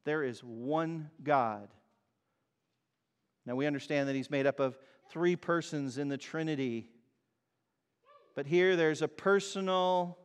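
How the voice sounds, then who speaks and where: A man preaching a sermon as pastor, emphatic and swinging from loud cries to quiet words. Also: fairly high pitch, smooth. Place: church hall. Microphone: mic over speakers. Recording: long reverb of a hall.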